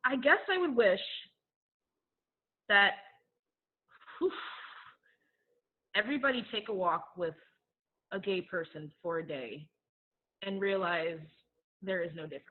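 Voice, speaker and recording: A woman's voice: mid-range voice, animated, a little slow, long pauses. A woman guest in a casual podcast chat, answering briefly and thoughtfully. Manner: brief agreeing replies, laughing easily. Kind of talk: casual conversation. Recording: tinny phone-like audio.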